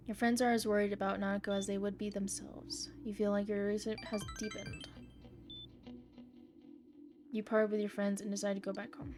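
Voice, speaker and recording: Excitable swearing woman streamer. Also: mid-range voice, brisk, pauses often, soft background music. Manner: excitable, swears freely, reads game text aloud. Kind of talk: casual live game commentary.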